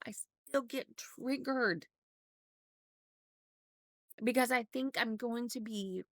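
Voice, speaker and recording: A woman's voice: a little high, creaky, no echo. A middle-aged woman from Oregon, candidly telling a personal story in a rambling vlog with many restarts. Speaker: vlogger.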